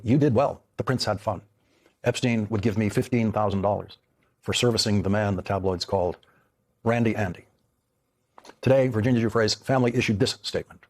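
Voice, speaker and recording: A man's voice: fairly low pitch, darkish tone. A man hosting a television news program, delivering an emphatic, pointed monologue. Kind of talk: broadcast monologue.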